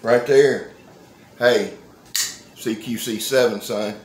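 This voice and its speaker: A man, talking through a casual knife-review vlog in an excitable, folksy, joking way. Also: medium pitch, slow pace. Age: 50s. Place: indoor room. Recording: roomy, echoey sound.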